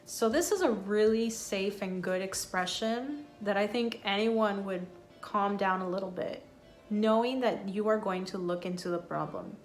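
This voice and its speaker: A woman teaching an English lesson at a middle pitch. She models each phrase slowly and clearly. Soft music plays faintly behind her. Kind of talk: scripted lesson.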